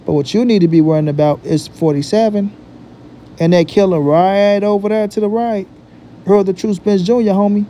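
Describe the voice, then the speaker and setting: A man hosting a boxing vlog talks in a high but dark, mellow voice. He repeats his points emphatically and drops profane street slang. Faint noise sits behind him. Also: steady tone, normal speed. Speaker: boxing commentary vlogger. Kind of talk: casual opinion talk.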